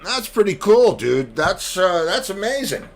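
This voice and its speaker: A man hosting a casual interview. His voice sits on the high side and swings widely in pitch. He is enthusiastic and full of quick, eager questions. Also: big pitch swings.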